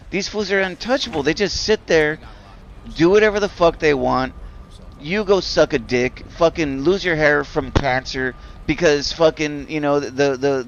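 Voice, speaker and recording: A man with a voice a little above the usual male pitch rants casually while he plays. His talk is loose and profane, full of "like" and restarts. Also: dull audio, a little hiss or hum. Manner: rambling, profane, heavy use of "like". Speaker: game streamer. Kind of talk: casual rant while gaming.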